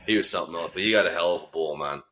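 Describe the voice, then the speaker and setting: Man, from Northern BC, hunting guide, casual storytelling, laughs often, swears, low-ish bright forceful voice. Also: racing. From Northern British Columbia, Canada. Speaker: guest, hunting outfitter.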